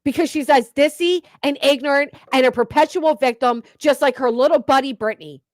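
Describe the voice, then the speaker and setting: A woman's voice: sits high, a little fast, darkish tone, no room sound. A woman hosting reaction commentary, cursing and ranting with sarcasm. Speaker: commentary channel host.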